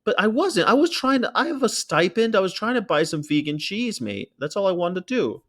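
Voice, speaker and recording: An American man hosting a casual chat, telling a story in an animated way, acting out quotes and swearing freely. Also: sits high, fairly quick. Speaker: podcast host.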